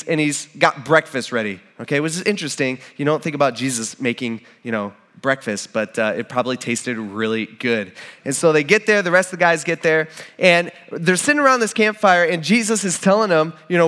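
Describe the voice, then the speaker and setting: Casual, higher-voiced man preaching informally. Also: fairly bright tone. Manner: informal, conversational, with frequent restarts and acted-out quotes. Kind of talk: sermon.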